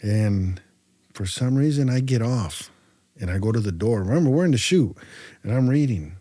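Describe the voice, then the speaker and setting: A man from California's Central Valley tells his story as a podcast guest, with a mellow, relaxed tone. He talks in a loose, slangy way and acts out the dialogue with plenty of fillers. The sound is close and dry. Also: medium pitch, moderate pace, no echo. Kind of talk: casual storytelling interview.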